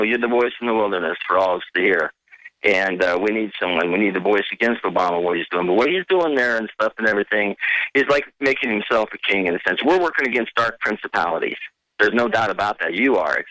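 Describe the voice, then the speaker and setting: A man's voice: on the low side, sharp tone, no room sound, poor audio. A man calling in to a talk radio show, speaking in a fervent, supportive and rambling way. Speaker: caller.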